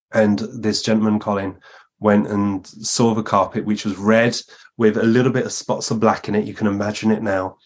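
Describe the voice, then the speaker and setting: A man, a guest medium, telling long anecdotes in conversation and acting out the lines of the people he quotes. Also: fairly low pitch. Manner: narrates at length, acting out the speakers he quotes.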